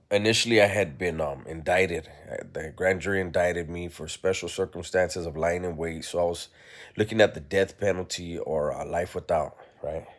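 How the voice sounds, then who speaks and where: Man, very deep voice, candid and reflective personal storyteller, blunt and unpolished. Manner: blunt, reflective, peppers speech with "right?" and "you know".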